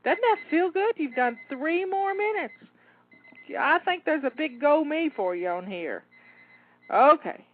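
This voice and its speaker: A home organizing coach leads a live, timed kitchen cleanup, upbeat and encouraging though slightly out of breath. Her high-pitched voice has lively intonation and an unhurried pace. The audio is tinny, like a phone.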